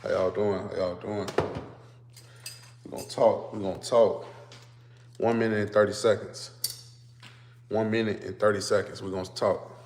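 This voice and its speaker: A man's voice: on the low side, level tone, moderate pace, long pauses, darkish tone. A man streams casually to his viewers from a phone on a stand. He repeats his greetings again and again, then rants as he lays out his point. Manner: repetitive greetings, then ranting explanation. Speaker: vlogger. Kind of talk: casual livestream talk to viewers.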